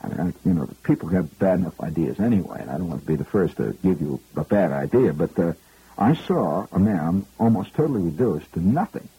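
Husky low-voiced man spinning a comic yarn. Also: expressive, brisk, no room sound, dull audio. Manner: rambling, digressive, wry. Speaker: radio monologist. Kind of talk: comic storytelling monologue.

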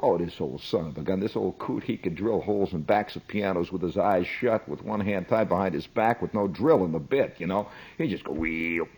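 A middle-aged man telling a comic story, chatty and animated, with frequent asides to the listener. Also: low voice, brisk, few pauses, slightly rough, rough recording.

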